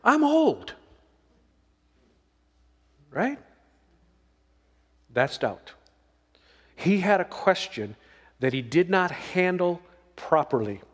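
A man's voice: a little high, expressive, slow pace, long pauses, long reverb tail. A man preaching a sermon as pastor, folksy and emphatic, drawing out the verses he reads.

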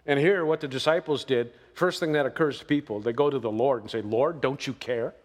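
A man preaches in a relaxed, talky way, pushing his voice up for emphasis and checking in with his listeners. His voice rings out with the long reverb of a large hall. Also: medium pitch, quick pace. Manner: conversational preaching with emphatic rises and "right?" asides. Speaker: pastor. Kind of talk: sermon.

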